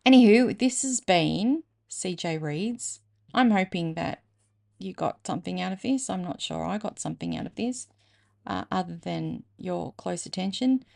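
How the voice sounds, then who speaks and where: A woman's voice: on the low side, expressive, moderate pace, gravelly, darkish tone. An Australian woman hosting a reading channel, chatting casually and thinking aloud in a self-mocking way. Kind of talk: casual chat to camera.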